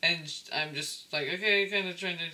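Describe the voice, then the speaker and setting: A man with a very bright, sharp-edged voice that sits fairly high, talking through a tarot reading. He rambles in a casual way and keeps checking in with the listener as he goes. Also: moderate pace, rough recording. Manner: rambling, checks in with "okay?" often. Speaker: tarot reader.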